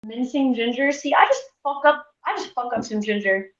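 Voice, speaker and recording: A woman in her forties chats freely and swears through a home cooking stream, poking fun at herself. Her voice sits fairly high and bright, and it rings around an echoey kitchen. The audio is dull and lo-fi. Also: brisk. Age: 40s. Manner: chatty, profane, self-deprecating. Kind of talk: casual cooking livestream chat.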